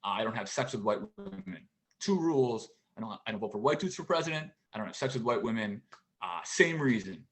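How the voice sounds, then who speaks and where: Halting deadpan man in his forties. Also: mid-range voice. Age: 40s. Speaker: stand-up comedian. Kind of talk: stand-up routine. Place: at home for a virtual show.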